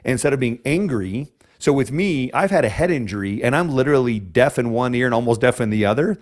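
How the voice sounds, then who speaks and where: A man's voice: mid-range voice, lively intonation, brisk, few pauses. A man hosting a podcast interview, a chiropractor who talks in an emotional, rambling way with many restarts.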